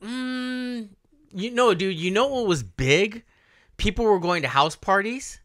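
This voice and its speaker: In a cleanly recorded studio podcast with no echo, a man in his forties co-hosts a casual chat, rambling, laughing, and using plenty of fillers. His voice is high-pitched and expressive, fairly bright, and a touch slow.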